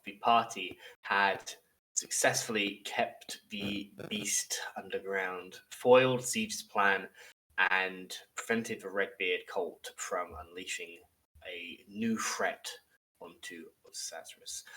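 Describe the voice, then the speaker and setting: A man hosting a tabletop game as dungeon master, narrating in a relaxed, measured way. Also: on the low side, low-quality recording.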